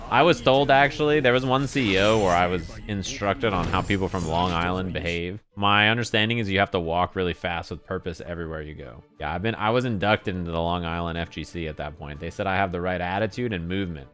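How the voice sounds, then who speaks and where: A man's voice: fairly low pitch, a little fast, a bit bright, soft background music. A man rambling and swearing casually to his chat while playing a fighting game live. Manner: profane, rambling, exasperated. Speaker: streamer.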